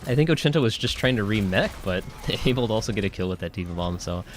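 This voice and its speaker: A man's voice: fairly low pitch, lively intonation, fast talker. A man doing color commentary on a live esports match, laid-back and analytical with the odd joke. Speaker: esports co-caster.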